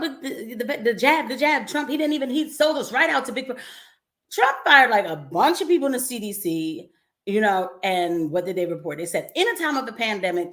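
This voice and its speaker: A young adult woman hosting a casual commentary livestream, chatty and animated, with frequent laughs and asides to her viewers. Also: mid-range voice. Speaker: livestream host.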